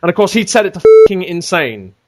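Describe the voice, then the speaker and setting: A man telling a gaming story on a casual podcast, animated and swearing freely. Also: sits high, brisk. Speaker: podcast regular.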